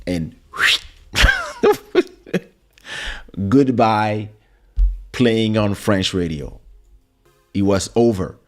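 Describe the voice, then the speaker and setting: A middle-aged man hosting a podcast, telling a story in a casual, animated way with laughs as he acts out quotes. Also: medium pitch, drawn-out words, pauses often, soft background music. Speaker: podcast host.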